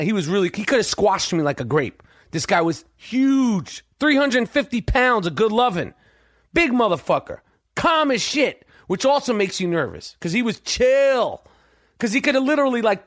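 New guy hosting a podcast, swears constantly, acts out the voices of people in his stories; high voice, dry close mic. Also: a little fast, dry recording. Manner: profane, animated, acts out quoted voices. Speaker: podcast host. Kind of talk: casual storytelling monologue.

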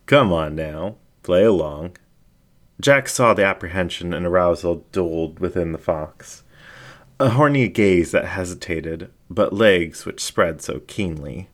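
A man narrating a story aloud in a measured, unhurried reading style. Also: low-pitched.

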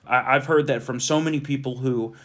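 A man's voice: medium pitch, fairly even intonation, fairly quick, fairly bright tone. A young man co-hosting a political podcast, talking emphatically and indignantly in casual chat. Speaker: podcast co-host.

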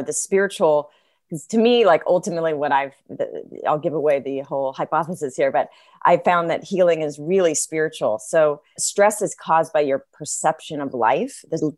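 A woman's voice: deep voice, dry recording, clean studio sound. A woman guest, a filmmaker, earnestly explaining her ideas in a casual interview.

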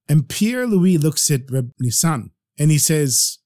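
A man narrating stories for a podcast in a lively, animated way. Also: a little high, a little slow, few pauses. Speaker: storyteller.

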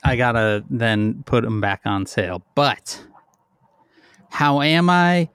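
Middle-aged male podcast co-host, rambling self-deprecating storyteller, winded, mid-pitch, dry close sound. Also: animated, slow pace, fairly bright tone, smooth, no room sound. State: out of breath. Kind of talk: casual chat.

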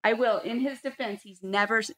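A woman's voice: a little high, fairly quick. A woman in her thirties telling a heated personal story in casual chat, swearing and acting out quotes. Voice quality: animated, swearing, acts out quotes loudly. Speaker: guest.

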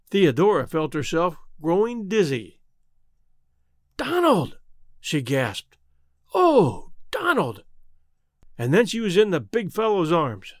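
A man reads a storybook aloud with a highly lively, rising and falling voice. His pitch sits high for a man. The sound is close and dry, with no room around it. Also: dry recording. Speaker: audiobook narrator. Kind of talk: storybook narration.

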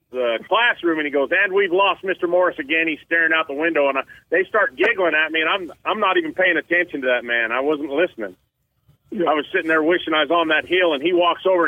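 A man's voice: fairly high pitch, no room sound. Folksy man talking over a phone line. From Utah. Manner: folksy, rambling anecdotes with quoted voices. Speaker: guest, champion elk and predator caller. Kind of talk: casual storytelling on a radio show. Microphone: phone call.

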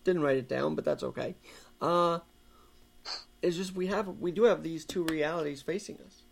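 A man's voice: fairly high pitch, normal speed, vocal fry. A man co-hosting a talk show, making earnest, opinionated points in casual political chat. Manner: earnest, opinionated, building an argument.

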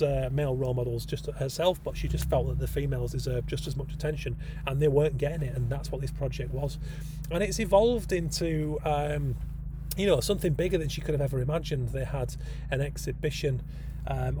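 A man's voice: mid-range voice, noisy background. A man hosting a casual solo podcast, talking enthusiastically with frequent ums and rambling asides. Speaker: podcast host.

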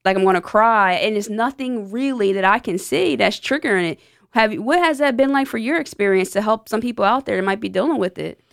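A woman's voice: on the high side, a little fast, gravelly, no room sound. A woman hosting a podcast in a studio, chatting openly and jokingly about her own feelings. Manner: candid, joking, talks through her feelings. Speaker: podcast host. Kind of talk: casual podcast chat.

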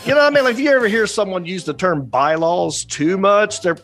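A man hosting a morning radio show, telling a news story with animated, jokey banter. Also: sits high, a little fast, faint music behind. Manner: animated, jokey, acts out quotes in funny voices.

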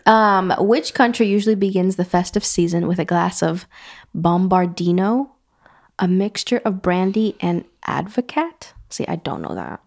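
A woman casually chatting and reading out trivia questions, animated and quick to laugh, often trailing off mid-sentence. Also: on the low side. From Puerto Rican family background. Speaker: co-host.

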